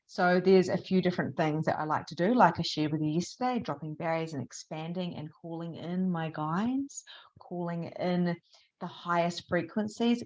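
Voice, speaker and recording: Chatty woman teaching, lo-fi sound. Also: lowish voice. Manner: animated, chatty, laughs often, swears casually. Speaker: spiritual teacher. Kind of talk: live online masterclass talk.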